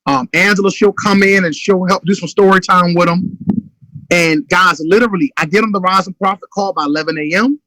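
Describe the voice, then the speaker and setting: Bright high-voiced man, urgent speaker. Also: fairly quick, no room sound, low-quality recording. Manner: urgent, emphatic, acts out phone calls. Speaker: motivational speaker. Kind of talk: motivational business talk.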